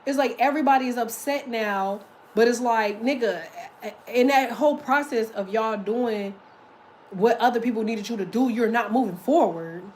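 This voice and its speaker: A woman giving a casual tarot reading, blunt and profane, talking in emphatic, lively rants. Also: fairly high pitch, moderate pace, a little hiss or hum, poor audio. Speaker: tarot reader.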